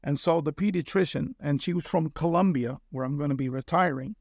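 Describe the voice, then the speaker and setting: A man's voice: on the high side, a little fast, no room sound, studio quality. A middle-aged man from Cuba, a guest telling a personal story in casual conversation and often checking in with "okay?". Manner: earnest storyteller who keeps checking in with "okay?".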